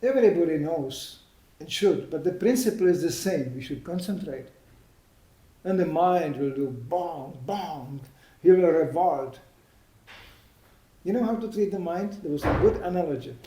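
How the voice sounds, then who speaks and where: A man giving an informal, anecdotal spiritual talk, chatty and quick to laugh at his own stories. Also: a little high, expressive, mellow. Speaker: devotional speaker. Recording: echoey room.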